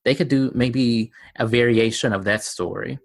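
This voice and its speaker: A man co-hosting a casual fan podcast, relaxed and hesitant, with frequent fillers. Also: mid-range voice, moderate pace, gravelly. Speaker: podcast co-host.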